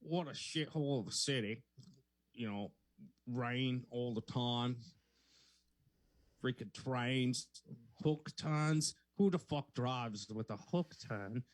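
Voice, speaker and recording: A man's voice: mid-range voice, slow pace, long pauses, natural voice. A man putting on a crude, swearing Australian bloke who grumbles and drawls his complaints. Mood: grumbling.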